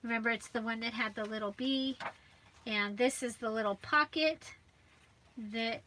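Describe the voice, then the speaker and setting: A woman's voice: fairly high pitch, normal speed, sharp tone. A woman hosting a live crafting video, chatting and thinking aloud as she works at her table.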